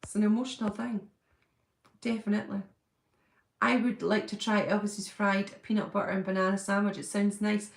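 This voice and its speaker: A woman's voice: medium pitch, little pitch movement, normal speed, gravelly, reverberant. A middle-aged woman, hosting a casual livestream chat and answering viewers' comments in an effusive way.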